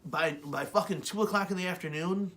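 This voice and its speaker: A man co-hosting a webshow, telling stories in a rambling, profane, animated way. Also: sits high, a little fast. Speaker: webshow co-host. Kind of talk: casual chat.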